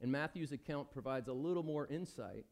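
A man's voice: mid-range voice, a little fast, darkish tone. Conversational male pastor preaching. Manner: conversational preaching with questions to the congregation. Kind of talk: sermon. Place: church service before a congregation.

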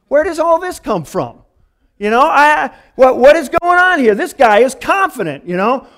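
A man's voice: very high-pitched, lively intonation, normal speed, fairly bright tone. A man preaching a conversational sermon in a casual, folksy way, often saying "man" and "you know". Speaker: pastor.

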